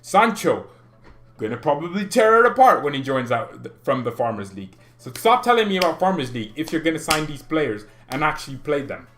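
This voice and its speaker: A man's voice: a little high, big pitch swings, a little fast, fairly bright tone. A man hosting a football fan channel, ranting in an exasperated, sarcastic and mocking way. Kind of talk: ranting commentary to camera.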